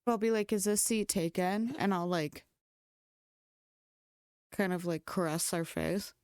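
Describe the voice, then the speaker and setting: Slow-talking, sweary young woman co-host. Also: lowish voice, darkish tone, clear, resonant tone, no echo, clean studio sound. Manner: blunt, laughing, swearing freely. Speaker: podcast co-host. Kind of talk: casual podcast chat.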